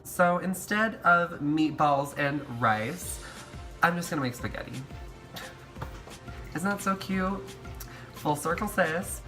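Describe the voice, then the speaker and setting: With a mid-range voice and measured pace, a man cooks at home for his casual YouTube vlog as music plays in the background. His tone is campy and playful, and he addresses viewers as "sis" and "honey."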